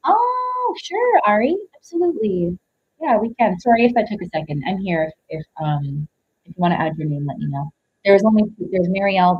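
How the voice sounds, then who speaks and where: A woman's voice: on the low side, lo-fi sound, a little hiss or hum. A woman giving a live-streamed tarot reading, rambling with heavy use of "like" and greeting viewers between thoughts. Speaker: tarot reader.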